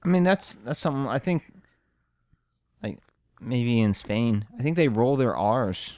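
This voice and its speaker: A man's voice: mid-range voice, animated, a little slow, darkish tone, dry recording, clean studio sound. A man telling rambling stories in casual podcast chat, laughing at his own jokes.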